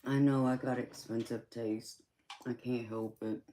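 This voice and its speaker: Woman on a live stream reading off chat comments, unhurried drawl, teasing, lots of honey and baby. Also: extremely low pitch, fairly even intonation, mellow. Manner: chatty and teasing, calls viewers honey and baby, laughs often. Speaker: tarot reader and live-stream host.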